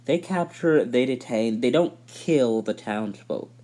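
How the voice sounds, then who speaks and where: A man's voice: mid-range voice, animated, mellow. A man earnestly narrating his own rewrite of a story scene by scene. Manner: earnest, fast storytelling with sudden emphasis. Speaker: fan storyteller.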